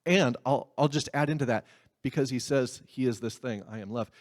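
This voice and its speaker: A man's voice: mid-range voice, fairly quick. A man preaching a sermon in a conversational way, with asides and laughs. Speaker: pastor.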